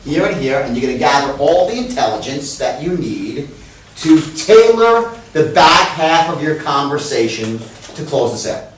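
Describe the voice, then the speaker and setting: A man running a live sales training, blunt and profane, who breaks into loud, exaggerated demonstrations of tone. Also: fairly high pitch, sing-song, normal speed, slight background noise. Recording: very echoey room, speaker far from mic.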